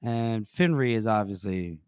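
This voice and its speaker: A man's voice: fairly low pitch, animated, a little slow, darkish tone, clean tone, no room sound, studio quality. A man co-hosting a podcast, casually retelling a book scene, laughing often and swearing freely. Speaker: podcast co-host.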